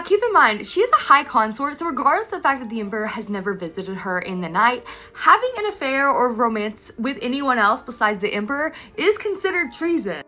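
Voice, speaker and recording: A woman recapping a story in a casual, animated, gushing way. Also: high-pitched. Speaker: anime recap creator.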